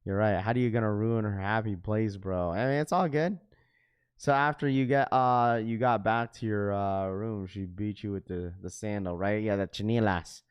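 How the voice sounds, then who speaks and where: A man's voice: fairly low pitch, normal speed, smooth. Slangy man hosting a sneaker livestream. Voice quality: slangy, says "bro" often. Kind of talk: casual livestream chat.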